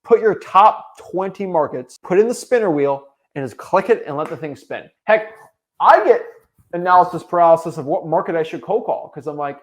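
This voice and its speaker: A man's voice: high-pitched, expressive, moderate pace. A young man coaching real estate wholesalers, delivering an emphatic, repetitive motivational talk.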